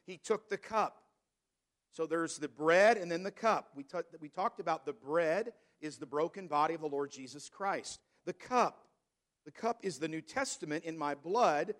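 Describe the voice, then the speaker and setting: A man preaching a sermon as pastor, reading scripture slowly and stressing key words. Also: fairly high pitch, expressive, fairly bright tone. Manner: preaching, reads scripture in King James wording, slows for emphasis.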